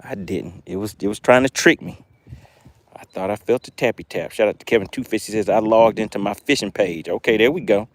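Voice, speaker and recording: A man's voice: fairly low pitch, a little fast, no room sound. A man hosting a live fishing stream from a boat, joking with chat and hyping his catches with made-up words. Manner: playful, hypes catches with made-up words, reads viewer comments aloud. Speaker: fishing livestream host. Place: outdoors on a boat on a lake.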